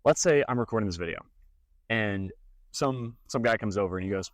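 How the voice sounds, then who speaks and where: A man's voice: medium pitch, brisk, no room sound. A young man, casually telling stories and giving advice as a content creator, acting out mocking voices. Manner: animated storytelling with mocking put-on voices. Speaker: fitness and gaming content creator. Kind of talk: casual talking-head advice.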